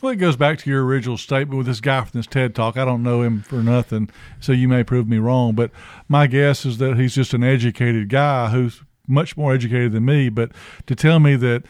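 A man's voice: mid-range voice, steady tone, fairly quick, a little mellow, no room sound, studio quality. A man in recovery talking casually on a podcast, rambling and self-deprecating, filling his stories with "you know". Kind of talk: casual conversation.

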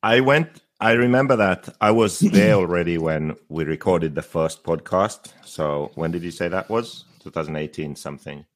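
A man's voice: low-pitched, normal speed, few pauses. A man interviewing a friend in a casual chat, recalling dates in a matter-of-fact way. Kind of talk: casual conversation.

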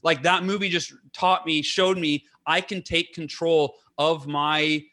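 Here a podcast guest, a man with a high-leaning, bright voice, comes across as keen and earnest, stacking up fillers and restarts while racing through his points. His tone stays steady, and his delivery is a little slow. It's all relaxed and unscripted.

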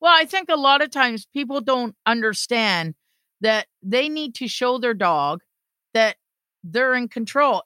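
Lively bright-voiced woman podcast host. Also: on the high side, unhurried, no room sound, clean studio sound. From Canada. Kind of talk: podcast interview and outro.

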